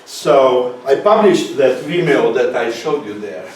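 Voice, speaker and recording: A man with a Romanian accent giving a conference talk, halting with fillers and restarts. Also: mid-range voice, lively intonation. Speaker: speaker. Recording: echoey hall from far off.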